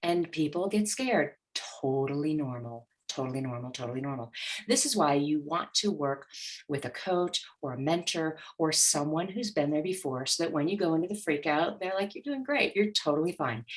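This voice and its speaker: Low-voiced woman telling her story. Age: middle-aged. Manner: animated, acts out her inner voice. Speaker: guest, money mindset coach. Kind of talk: interview storytelling.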